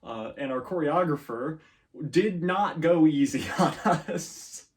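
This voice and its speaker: A man's voice: fairly high pitch, lively intonation, slow. A young man answering interview questions casually, with many fillers, restarts and easy laughs. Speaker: guest, student performer.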